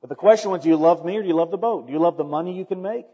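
A man preaching a sermon, emphatic and building to loud, repeated questions. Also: high voice, very fast, breathy edge. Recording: dull long hall reverb.

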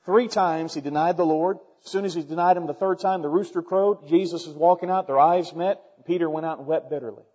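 A man's voice: on the high side, fairly quick, hardly any pauses. Emphatic preacher man in a hall. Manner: emphatic, rising to loud repeated questions. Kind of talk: sermon. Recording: dull long hall reverb.

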